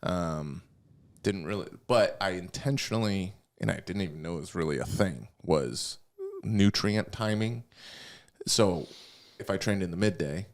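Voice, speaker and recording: A man's voice: low-pitched, unhurried. A man hosting a podcast, chatting casually and rambling through his thoughts with many restarts. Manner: rambling, restarts often, laughs easily. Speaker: podcast host. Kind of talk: casual chat.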